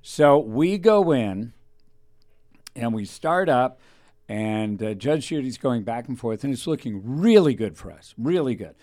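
Rambling storyteller man, mid pitch. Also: expressive, unhurried, warm tone. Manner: rambling anecdotal, acts out quoted voices. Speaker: radio host. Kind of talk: casual storytelling chat.

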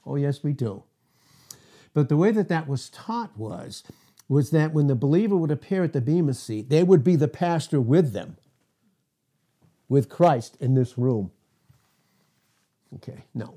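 Older man, very dark-toned, chuckling preacher. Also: medium pitch. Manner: chuckles often, self-deprecating asides. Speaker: pastor. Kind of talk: informal Bible teaching sermon.

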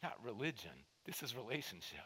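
A man preaching a sermon as pastor, building to emphatic rallying calls and dropping to hushed asides, in a church. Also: medium pitch, big pitch swings, a little fast, slightly rough, long reverb tail, rough recording. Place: church sanctuary.

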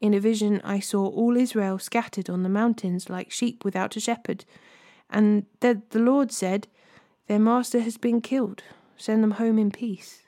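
A woman's voice: mid-range voice, fairly even intonation, normal speed, dark tone, dry recording, clean studio sound, lightly acted. A woman reading the words of a stern male prophet in a half-whispered, solemn voice. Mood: grave.

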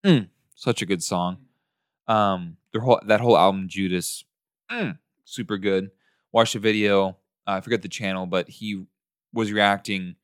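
A man's voice: fairly low pitch, normal speed, clean tone, dry recording, studio quality. A young man co-hosting a podcast in casual chat, hesitant, with many ums and restarts. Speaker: podcast co-host. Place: in person in a shared room.

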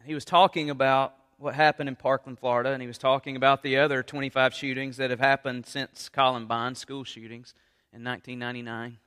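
A man preaching a sermon with passion, going from quiet talk to loud appeals. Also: mid-range voice, little pitch movement, a little fast, clean tone, long reverb tail. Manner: impassioned, rises from quiet to loud. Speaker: pastor.

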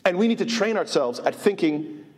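A man giving an informal religious lecture, animated and asking his listeners rhetorical questions. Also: sits high, normal speed. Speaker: Islamic teacher. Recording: long hall reverb.

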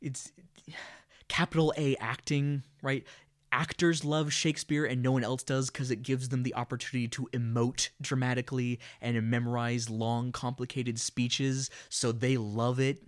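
A man's voice: mid-range voice, level tone, moderate pace. A man co-hosting a casual movie podcast, recapping a film with sardonic, exasperated, profane commentary. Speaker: podcast co-host. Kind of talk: casual movie review chat.

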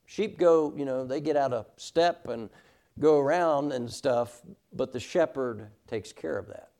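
A man's voice: mid-range voice, measured pace, darkish tone. A middle-aged man teaching a Sunday school class, emphatic and often checking in with "all right?".

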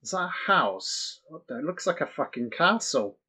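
A man giving crude, excitable, mocking live commentary on a horror film. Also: a little high, normal speed, slightly rough. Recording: dull lo-fi audio.

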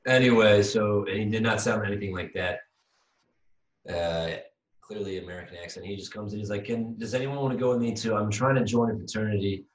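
A man in his thirties, co-hosting a casual podcast, telling a rambling, animated story full of restarts. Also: fairly low pitch, brisk, far from the mic. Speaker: podcast co-host. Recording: echoey room, voice off-mic.

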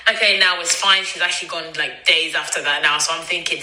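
A woman's voice: fairly low pitch, steady tone, a little fast, few pauses, bright, forceful tone. A woman, telling a personal story as podcast host in a chatty way, acting out dialogue and using many fillers. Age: 20s. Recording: roomy echo.

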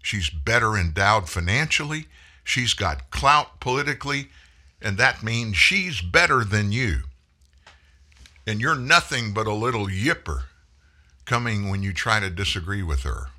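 A man with a low-pitched voice and a sharp, bright edge that cuts through every phrase. He hosts a political monologue in a scornful, folksy way, swinging his pitch up and down as he mocks. His speech lilts widely rather than staying level. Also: sing-song, unhurried. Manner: mocking, folksy, scornful asides. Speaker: political commentary host. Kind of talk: opinionated monologue.

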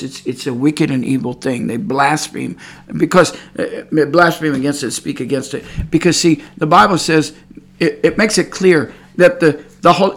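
A man preaching an informal sermon, rambling and repeating himself, and sometimes growing fervent. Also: a little high. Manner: rambling, repeats words, grows fervent and cries out praise.

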